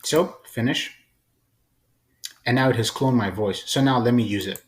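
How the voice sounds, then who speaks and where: A man hosting a casual, chatty software tutorial. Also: medium pitch, normal speed. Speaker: tutorial host.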